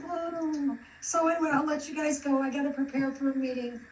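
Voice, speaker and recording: A woman with a high voice chats and laughs through quick asides. She sounds far from the mic in an echoey room, with faint background hum over the video-call audio. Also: steady tone. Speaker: former doctoral graduate. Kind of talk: casual chat.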